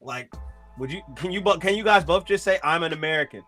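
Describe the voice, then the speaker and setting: Fast-talking man in casual chat. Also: high-pitched, faint music behind. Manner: animated, acts out quoted voices. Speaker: podcast co-host.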